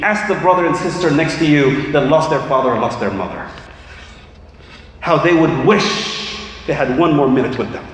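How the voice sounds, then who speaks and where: Impassioned man preaching in an echoey hall. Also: fairly high pitch. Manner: impassioned, rising to shouts. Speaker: imam. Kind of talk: sermon. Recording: echoey hall, faint ambience.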